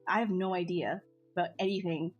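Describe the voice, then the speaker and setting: A woman's voice: fairly low pitch, steady tone, a little fast. A woman streamer chatting casually with her viewers, bubbly and talkative, laughing often and restarting her sentences. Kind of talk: casual chat with live chat. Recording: faint music behind.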